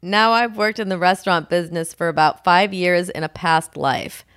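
A woman's voice: on the low side, steady tone, moderate pace, fairly bright tone, smooth, no room sound, clean studio sound. A woman co-hosting a podcast, chatting casually with a teasing edge and reading listener emails. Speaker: podcast co-host. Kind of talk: casual banter.

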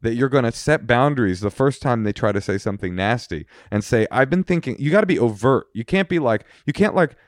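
A man's voice: medium pitch, brisk, hardly any pauses, no room sound. Dry-voiced man giving blunt family advice. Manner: animated, acts out family quarrels in quoted voices. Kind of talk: casual advice podcast chat.

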